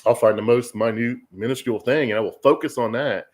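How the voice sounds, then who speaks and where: A man's voice: mid-range voice, brisk. A middle-aged man chatting casually on a podcast, candid and self-deprecating, rambling with frequent restarts. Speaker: guest.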